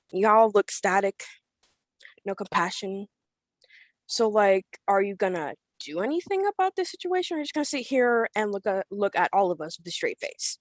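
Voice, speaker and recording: A woman's voice: mid-range voice, no echo, clean studio sound. A teenage girl from Florida, giving angry, confrontational public comment over a remote video call and speaking bluntly with some swearing. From Florida, USA. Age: teens. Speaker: public commenter at a school board meeting.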